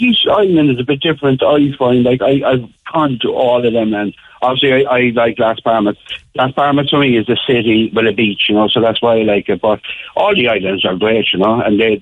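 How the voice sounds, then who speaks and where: A man's voice: medium pitch, no echo. Irish guy calling in, chatty, jokey, lots of you knows, tinny phone line. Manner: chatty, joking, many fillers. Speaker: caller abroad. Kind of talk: casual phone chat.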